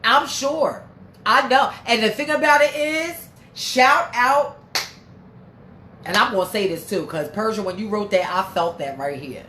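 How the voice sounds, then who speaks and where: A woman's voice: a little high, measured pace, sharp tone. Blunt, profane woman in an echoey room. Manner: blunt and profane, heated and emphatic. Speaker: livestream host reading viewer comments. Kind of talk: casual livestream talk. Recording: echoey room with faint background noise.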